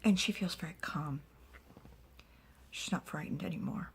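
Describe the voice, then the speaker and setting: Husky whispering woman telling a story. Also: sits low. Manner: slow, soft-spoken narration with asides.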